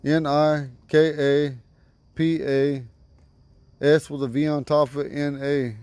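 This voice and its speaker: A man teaching vocabulary to a class outdoors at home, patiently repeating each word slowly. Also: on the high side, little pitch movement, a little mellow, clean tone, dry recording. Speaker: language teacher.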